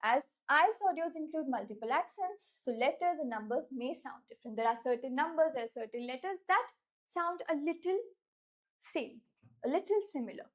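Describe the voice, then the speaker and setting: A woman with an Indian English accent teaches a lesson in a high, light voice. She speaks clearly and deliberately, and she slows down on the words she wants her students to remember. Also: lively intonation. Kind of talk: instructional lesson.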